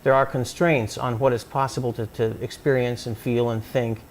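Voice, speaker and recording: A man in a recorded interview talks through his ideas at an even pitch. He stumbles and restarts often as he reaches for the right words, building his point with examples. Faint noise hums under the recording. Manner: halting, many restarts, explains with examples. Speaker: psychoanalyst interviewee. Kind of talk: thoughtful conversational interview.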